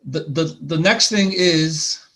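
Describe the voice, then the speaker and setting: A man gives a lecture on marriage in a loose, conversational way. His voice sits a little high for a man, and he often trips into restarts and repeated words as he works toward his point. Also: slow, sharp tone. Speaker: couples therapist. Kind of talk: lecture presentation. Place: lecture hall.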